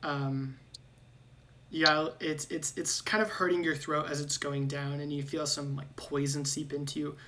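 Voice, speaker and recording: A woman's voice: sits low, flat delivery, measured pace, fairly bright tone, slight background noise. A woman narrating as game master in a casual tabletop game, with lots of fillers and restarts.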